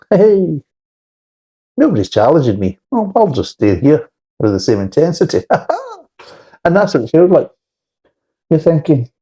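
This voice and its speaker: A man's voice: fairly low pitch, dark tone, husky, poor audio. A man giving a blunt, rambling, sweary beer review in a casual spoken style.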